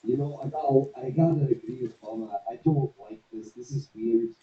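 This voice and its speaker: A man chatting casually as a player in a tabletop game, joking and expressive. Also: mid-range voice, normal speed, reverberant, muffled recording.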